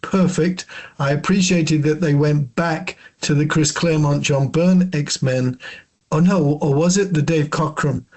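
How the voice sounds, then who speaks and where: A man who is a guest on a podcast, talking thoughtfully and with strong opinions, often pausing with fillers. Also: on the high side, steady tone, a little mellow. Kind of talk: casual chat.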